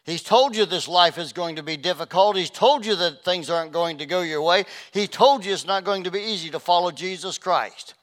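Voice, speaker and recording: A pastor delivers a passionate sermon, his high voice swinging between loud bursts and hushed passages. He speaks briskly with few pauses.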